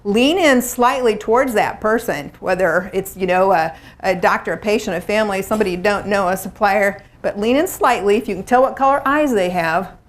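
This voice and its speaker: A woman's voice: medium pitch, a little fast, few pauses. A middle-aged woman presenting a workshop to a live room, talking in a chatty, conversational way and acting out little quotes. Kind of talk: live seminar talk to a room.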